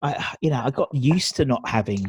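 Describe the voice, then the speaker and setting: A man's voice: mid-range voice, expressive, brisk, a little mellow, husky, no echo. A man from England, hosting a casual video interview, chatty, with frequent laughs and restarts. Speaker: podcast host.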